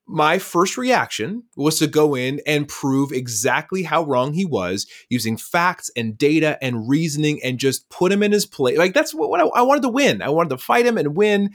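A man speaking as a podcast guest, telling stories in a lively conversational way and acting out the dialogue. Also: on the high side, moderate pace, few pauses. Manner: lively storyteller who acts out dialogue. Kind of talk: conversational storytelling.

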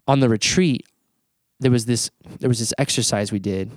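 A man hosting a casual podcast conversation, telling an animated story, swearing freely and stumbling over repeated words as he talks. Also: mid-range voice, normal speed, no room sound, studio quality. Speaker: podcast host.

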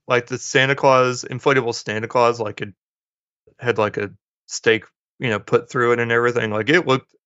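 A man's voice: mid-range voice, sharp tone, no room sound. A man co-hosting a podcast, casually retelling a movie plot and acting out the characters' lines in passing. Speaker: podcast co-host. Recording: dull lo-fi dry sound.

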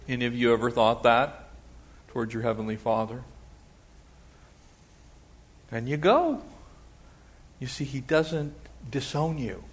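A pastor preaching a sermon in an animated way, slipping into quoted voices and playful asides. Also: male voice, medium pitch, measured pace, pauses often.

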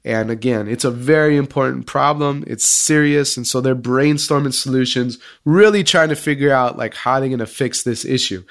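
A man guesting on a podcast, telling an animated story in casual interview talk. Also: mid-range voice, normal speed. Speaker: school leadership podcast guest.

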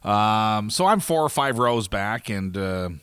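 A man from Canada telling a long story on a podcast in casual chat, animated and laughing, acting out quoted lines. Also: on the low side, a little slow, smooth, dry recording, clean studio sound.

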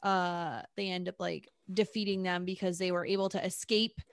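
A woman's voice: fairly low pitch, steady tone, moderate pace, clean tone, no room sound, studio quality. A woman co-hosting a casual podcast, blunt and sassy, swearing freely as she recaps a movie. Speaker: podcast co-host.

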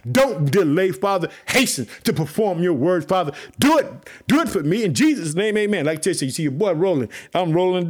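A man preaching an energetic sermon, reading Bible verses and praying, slangy and casual, calling his listeners family and shouting when fired up. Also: high voice. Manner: long repeated prayer refrains.

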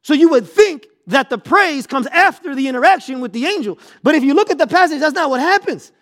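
A man's voice: extremely high pitch, lively intonation, a little fast, a bit bright. A man preaching a sermon as pastor, talking conversationally with the congregation, checking in with them and repeating words as he builds a point.

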